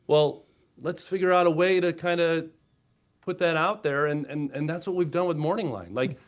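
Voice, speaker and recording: A man guest on a podcast, an energetic storyteller who keeps checking in with "right?". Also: a little high, moderate pace. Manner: energetic storyteller, quotes himself and wife, lots of "right?". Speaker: guest, platform co-founder. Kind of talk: podcast interview.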